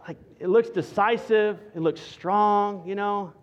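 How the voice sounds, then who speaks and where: A male pastor preaching a sermon with an emphatic, repetitive rhetorical cadence that drops to quiet for stress. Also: sits high, a little slow, highs cut off.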